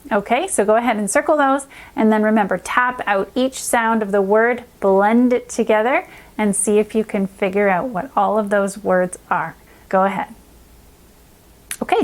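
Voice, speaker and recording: A woman with a fairly high voice teaches young children to read. She breaks words into single sounds slowly and clearly, like a patient reading specialist. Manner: clear, slow sound-by-sound modeling of letter sounds. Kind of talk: children's phonics lesson.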